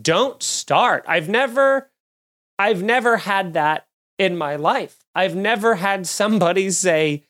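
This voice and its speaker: A man, a comedian hosting a podcast, telling a story in a casual, animated way and acting out the other people's lines. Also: high-pitched, measured pace. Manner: animated, acts out quoted voices.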